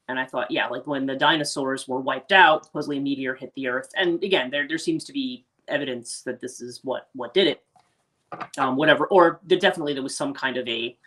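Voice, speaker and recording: A woman's voice: sits low, a bit bright. Woman host, casual livestream coach, meandering and chatty. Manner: rambling, many restarts and fillers, reads out viewer comments. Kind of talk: casual livestream talk on tarot.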